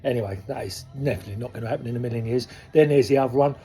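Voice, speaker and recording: A man's voice: mid-range voice, racing, slightly rough. A man in his sixties, a koi dealer, speaking frankly and casually to his viewers, rambling through asides. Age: 60s. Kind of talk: casual talk to camera. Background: soft soul music.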